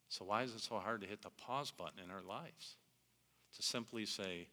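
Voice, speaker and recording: A middle-aged male preacher with a bright, forceful tone and a fairly low pitch. He talks to his listeners in an earnest, conversational way. His voice rings with the long reverb of a large hall. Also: fairly quick. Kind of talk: sermon.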